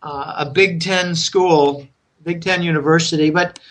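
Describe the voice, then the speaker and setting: An American man rambles through stories in casual podcast talk. His voice is bright and forward, and he slips into other people's voices when he quotes them. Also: fairly high pitch, steady tone, unhurried. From United States. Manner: rambling storyteller, acts out friends' voices in quotes.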